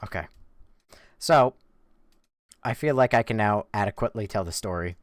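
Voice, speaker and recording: A man's voice: lowish voice, normal speed, dry recording, clean studio sound. A young man streaming a game, telling a rambling story in casual chat, self-mocking, swearing and laughing between lines.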